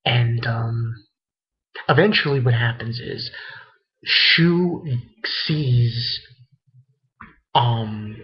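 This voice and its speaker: Speaking very slowly with frequent pauses, an anime reviewer with a slightly rough, medium-pitched voice recaps an episode. The rambling, loose talk is full of fillers and swearing, and the lo-fi recording sounds dull.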